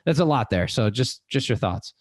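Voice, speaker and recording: A man hosting a podcast, asking a rambling, halting question in casual chat. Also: mid-range voice, lively intonation, no echo, studio quality. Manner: rambling, halting, lots of fillers. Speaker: podcast host.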